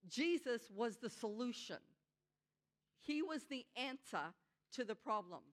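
A woman preaching a sermon in an earnest, conversational way, slowing down to stress her key points. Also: on the high side, expressive. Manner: conversational asides with frequent "you know".

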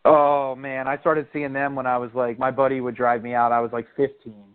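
A man's voice: medium pitch, brisk, smooth. A man from South Florida with a South Florida accent, chatting casually about bands he grew up seeing, laughing often. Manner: relaxed storyteller, laughs often. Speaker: podcast co-host. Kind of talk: casual chat about music. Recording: tinny phone-like line.

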